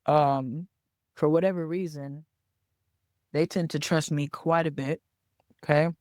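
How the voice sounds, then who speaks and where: An unhurried, deep and slightly mellow voice with fairly even intonation belongs to a business coach hosting her own podcast. She teaches through a conversational story, keeps asking "okay?" and "right?", and repeats words for emphasis, recorded dry with clean studio sound.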